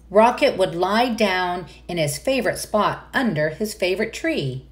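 A woman reading a children's picture book aloud, with enthusiastic asides to young listeners. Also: lowish voice. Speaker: read-aloud narrator.

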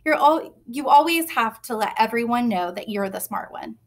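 A woman's voice: fairly high pitch, animated, normal speed. Storybook boy, ten, sulky older brother, read by a woman. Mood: scornful.

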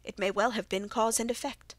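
A woman's voice: on the high side, steady tone, a little fast, no room sound, close to an everyday voice. Sherlock Holmes, read by a woman. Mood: reasoning. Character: brilliant aloof male detective, middle-aged. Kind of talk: audiobook character reading.

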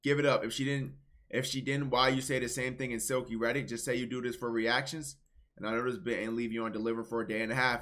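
Bright-voiced man, blunt streamer banter. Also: mid-range voice, little pitch movement, fast. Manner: blunt, swings between muttering and loud outbursts. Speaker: streamer reacting to posts. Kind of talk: casual reaction commentary.

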